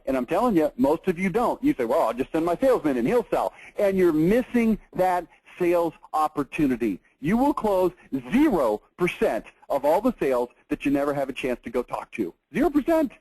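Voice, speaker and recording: A man giving a lively marketing seminar lecture, emphatic and animated, often checking in with "okay?". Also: fairly high pitch, normal speed, no echo, low-quality recording.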